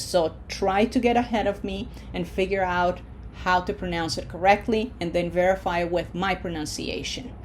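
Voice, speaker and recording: A woman's voice: fairly low pitch, a little hiss or hum. Patient woman teaching a recorded lesson. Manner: patient, explains step by step, asks "okay?" often; says the example words slowly and loudly. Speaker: Spanish teacher.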